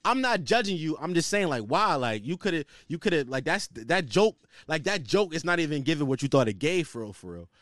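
A man's voice: on the high side, very animated, a little fast, few pauses, a bit bright, dry recording, clean studio sound. A man hosting his own podcast, ranting in a loose, slangy, casual way. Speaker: podcast host. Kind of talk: casual solo podcast rant.

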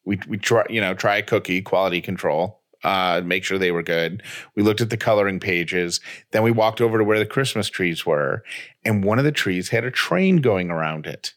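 A man with a fairly low voice co-hosts a casual podcast chat. He tells his stories in a loose, rambling way, stopping to restart his sentences. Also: moderate pace, a bit bright. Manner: rambling storyteller, frequent fillers and restarts. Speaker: podcast co-host.

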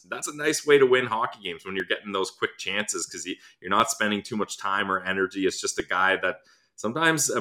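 A man's voice: fairly low pitch, bright, forceful tone. A man co-hosting a hockey podcast, chatting casually about games and reading ad spots. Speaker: sports podcast co-host. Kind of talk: casual sports chat with ad reads.

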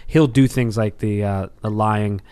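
A man's voice: on the low side, measured pace, smooth. A man, a stand-up comedian, telling stories in casual podcast chat, acting out quotes as he goes. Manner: animated, rambling, acts out quotes.

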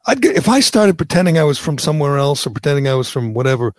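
A man's voice: a little high, big pitch swings, fast talker, no room sound. A middle-aged man, hosting political talk radio with sarcastic, indignant ranting. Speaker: talk show host.

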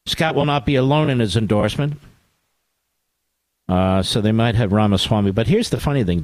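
A man hosting a talk radio show, delivering a sarcastic, animated political monologue with asides to his producer. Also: lowish voice, no echo.

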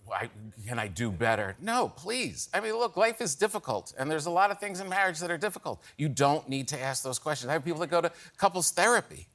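A middle-aged man, a comedian guest on a talk show, riffing in animated, exasperated comic bits. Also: on the high side, fast talker, few pauses. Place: television studio.

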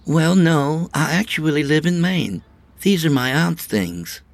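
A man doing high raspy women's voices. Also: animated, measured pace, no echo. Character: haggling woman and sharp garage-sale sellers.

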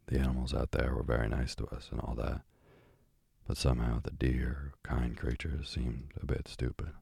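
A man's voice: extremely low pitch, flat delivery, moderate pace, vocal fry, mellow, slightly rough, no room sound, studio quality, full character voice. Polynesia, chatty old parrot, read by a man.

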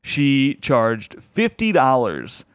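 Man, comedian host, smooth clear voice, dry close sound, laughs while telling stories. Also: medium pitch, huge pitch swings, extremely slow, no room sound. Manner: laughs through his own story, acts out quotes. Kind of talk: casual comic storytelling.

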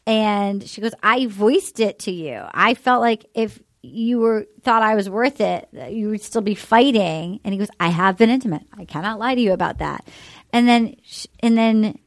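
A woman's voice: medium pitch, normal speed, dry recording, clean studio sound. A woman podcast host recapping a dating show in casual chat, animatedly acting out the lines she quotes.

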